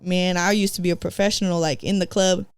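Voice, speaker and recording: A woman's voice: lowish voice, little pitch movement, a little fast, clean tone, no echo, studio quality. A woman from San Diego, a podcast guest, telling her own story in a slangy, casual way that is full of "like" and "bro". She acts out her past self and slips in Spanish phrases. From San Diego, California.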